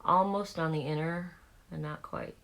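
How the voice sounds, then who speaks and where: A woman's voice: low voice, fairly even intonation, normal speed, creaky, a bit bright. A woman in her forties with a Southern accent, talking candidly and rambling through fillers while doing her makeup. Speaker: beauty vlogger.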